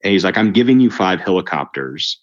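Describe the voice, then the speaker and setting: A man telling his faith story in a conversation, lively, acting out the voices of the people in it. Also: deep voice, brisk, highs cut off. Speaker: guest telling his testimony. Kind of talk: storytelling interview chat.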